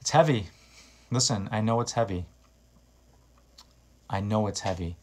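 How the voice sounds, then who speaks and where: A man's voice: fairly low pitch, a little slow, a little mellow. A man preaching an informal sermon, earnest and exhorting, rising to emphatic bursts as he reads scripture and urges repentance.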